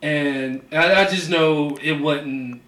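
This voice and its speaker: A man co-hosting a podcast, telling a profane story in animated casual chat and hammering his punchlines. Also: a little high, slow, roomy sound. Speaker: podcast co-host.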